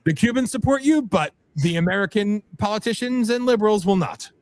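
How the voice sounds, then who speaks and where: Male radio co-host from New Jersey, blunt banter, laughs a lot, fairly high voice. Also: fairly quick, no echo. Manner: joking, laughs often, blunt. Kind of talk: casual political talk radio banter.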